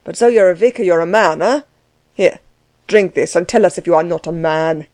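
A woman's voice: lowish voice, normal speed, a little mellow, dry recording, lightly acted. A woman reading aloud, voicing a harsh, bossy middle-aged German man who laughs at others. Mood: commanding.

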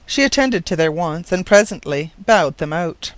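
An audiobook narrator reading a story in an even, measured way. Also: medium pitch, dry recording.

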